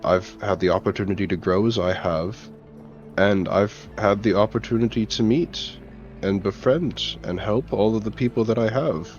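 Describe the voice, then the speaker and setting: A man voicing an ancient male hero who speaks earnestly and halting, searching for words. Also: on the low side, darkish tone, close to an everyday voice. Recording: dull lo-fi audio, faint music.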